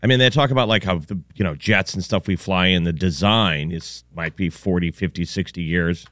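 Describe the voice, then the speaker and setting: A man's voice: low voice, a little fast, fairly bright tone, no echo, clean studio sound. A man co-hosting a morning radio show, stuffed up from a cold, making joking, rambling asides. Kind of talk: casual radio banter.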